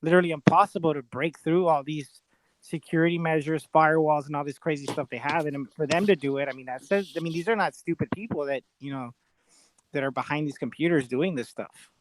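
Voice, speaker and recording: A man co-hosting a podcast in loose, animated casual chat, full of fillers and jokes. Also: a little high, a little fast, no echo. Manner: animated, filler-heavy, jokey. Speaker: podcast co-host.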